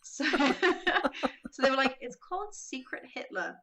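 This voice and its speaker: A woman's voice: high-pitched, very animated, unhurried, sharp tone. A young woman, a podcast guest, chatting casually, acting out quotes and laughing often.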